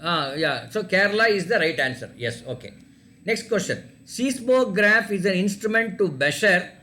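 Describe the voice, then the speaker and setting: A quiz teacher with a high-pitched, expressive voice runs an oral online quiz for students at a moderate pace. His tone is bright and forceful, and he repeats every question and spells words out letter by letter.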